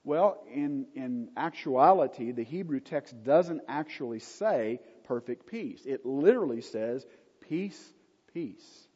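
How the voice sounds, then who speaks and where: A man with a mellow, slightly husky voice gives an unhurried Bible lecture, stressing key words and dropping in casual asides. The recording is dull and lo-fi, with a long reverb trailing off the walls of a large hall. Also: mid-range voice, lively intonation. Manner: unhurried, emphatic, with conversational asides. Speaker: Bible teacher.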